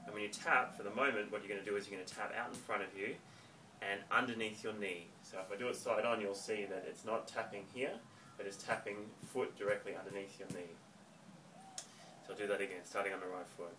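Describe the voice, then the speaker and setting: A man teaching a home dance lesson, counting beats and giving clear step-by-step instructions. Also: lowish voice, brisk. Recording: distant mic, faint room noise.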